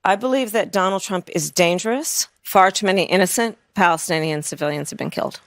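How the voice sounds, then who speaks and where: A woman politician answering town hall questions in a measured, firm way, repeating key phrases. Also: lowish voice.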